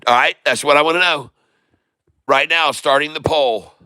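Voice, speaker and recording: A man hosting a live day-trading stream, excitedly calling out share prices and exclaiming to his viewers. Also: fairly high pitch, normal speed, clear, resonant tone, dry recording. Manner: exclamatory, rattles off prices, addresses viewers as folks. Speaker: day-trading livestream host.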